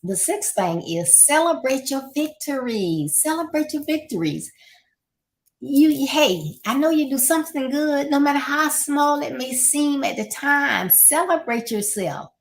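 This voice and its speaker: A woman's voice: high voice, lively intonation, a little slow, a little hiss or hum. A middle-aged woman hosting a podcast, giving casual motivational advice and repeating her points with encouraging asides. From Florida, United States.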